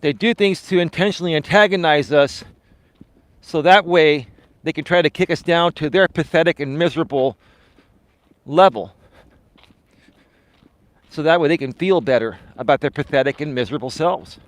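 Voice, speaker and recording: A man hosts a live stream as a life coach, talking outdoors in an earnest, motivational way, calling his viewers "folks." His voice sits a little high for a man, and the sound is close and dry with no room echo. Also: normal speed, pauses often. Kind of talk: casual live-stream talk while walking. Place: outdoors, walking.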